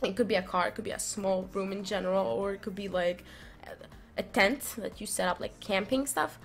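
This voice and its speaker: A young woman vlogging, telling a story in a rambling, animated way full of fillers and restarts. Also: mid-range voice, brisk, faint music behind. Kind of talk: casual storytelling.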